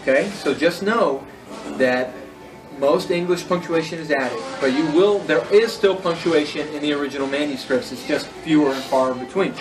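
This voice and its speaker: A man's voice: fairly high pitch, moderate pace, far from the mic, over music, poor audio. Casual man teaching a Greek class. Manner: casual, self-correcting, spells words out. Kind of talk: classroom lecture.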